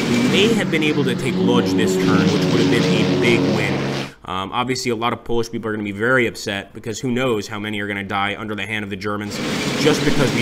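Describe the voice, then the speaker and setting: A man casually commenting on his own strategy game as he plays, thinking aloud with frequent fillers. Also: medium pitch. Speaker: strategy game let's-play host. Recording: clear background noise and clicks.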